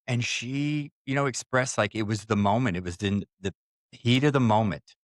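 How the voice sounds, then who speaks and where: A man's voice: fairly low pitch, normal speed, dry recording, studio quality. A man co-hosting a podcast, telling a story in casual chat and acting out the people in it, then taking a firm stance. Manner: acts out quoted voices, takes firm stances. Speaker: podcast co-host.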